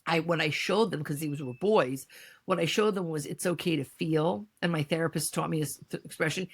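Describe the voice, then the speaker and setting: A woman's voice: low voice, a little fast, husky. A middle-aged American woman, a podcast guest, speaking candidly and emotionally in a conversational interview. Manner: emotional, candid, animated when quoting others.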